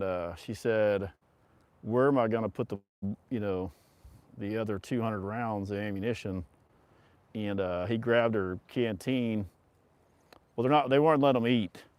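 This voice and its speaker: A man's voice: fairly low pitch, a little mellow, clean tone, no room sound. A middle-aged man hosting a casual livestream, telling a rambling story with frequent laughter and casual swearing. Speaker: livestream host.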